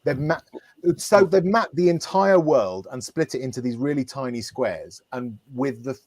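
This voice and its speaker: A man talks things through at length in a casual podcast chat, taking his time. His mid-pitched voice is recorded dry and close, with no room sound behind it. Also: lively intonation, normal speed, darkish tone, no room sound. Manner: explaining at length, teasing. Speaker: podcast panelist.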